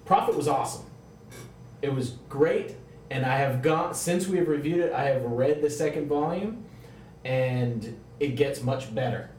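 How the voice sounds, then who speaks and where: A man hosting a casual comics podcast, steering the talk in a measured, orderly way from a room in a house. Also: medium pitch, a little mellow. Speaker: podcast host. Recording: roomy, distant mic, faint hiss.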